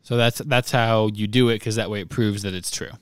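A podcast host reading a book chapter aloud in measured, even narration. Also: male voice, lowish voice, clear, resonant tone, no room sound.

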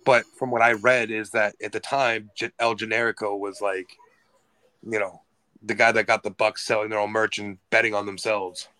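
A man's voice: on the low side, little pitch movement, moderate pace, bright, forceful tone. A man co-hosting a wrestling podcast, telling a loose anecdote in casual chat. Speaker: podcast co-host.

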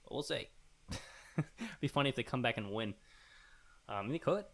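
A man's voice: mid-range voice, very animated, moderate pace, creaky. A man co-hosting a casual podcast, rambling through listener emails with fillers and restarts. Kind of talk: casual chat.

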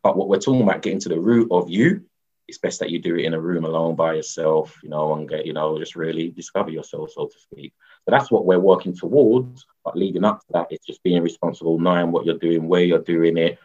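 A man speaks in a very low, husky voice as an interview guest. His talk is loose and rambling, full of fillers and easy laughs. The recording sounds dull and lo-fi. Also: a little fast, a little mellow. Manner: rambling, many "you know" fillers, laughs often. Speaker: guest, mushroom educator. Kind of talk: casual conversational interview.

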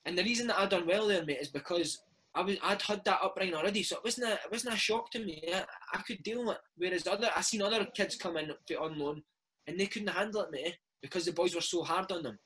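A Scottish man in his thirties, a former footballer telling animated stories in a casual interview chat, dropping "mate" into every other line. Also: sits high, fast, breathy edge, low-quality recording. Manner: animated storytelling, peppered with "mate". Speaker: former footballer and podcast host, interview guest.

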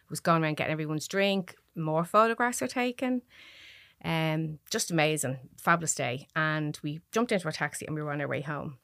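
A woman with a Dublin Irish accent, a podcast guest telling a personal story, soft-spoken and often dropping to near whispers. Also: deep voice, brisk, no room sound, studio quality. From Ireland.

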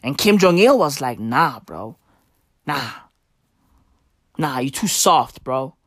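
A woman's voice: very deep voice, very animated, slow pace, fairly bright tone, no room sound, clean studio sound. A woman doing a rambling, profane comic monologue in a slangy dude persona.

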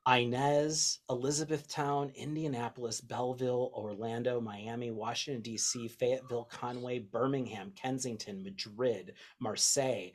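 A man hosting a casual podcast chat, excitable, swearing freely and reading out long lists. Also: medium pitch, moderate pace, hardly any pauses. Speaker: podcast host.

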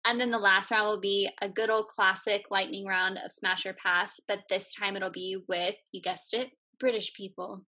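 A woman's voice: medium pitch, steady tone, normal speed, hardly any pauses, pushed and bright. A woman from the United States co-hosting a casual podcast, upbeat, chatty and enthusiastic. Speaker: podcast co-host.

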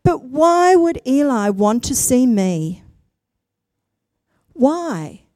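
A small wooden puppet boy, timid and anxious, asking unsure questions in a raised, pleading voice, as a woman reading a storybook puts him on. He speaks slowly in a dry, close sound. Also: high-pitched, very animated, a little mellow, dry recording, heavily acted.

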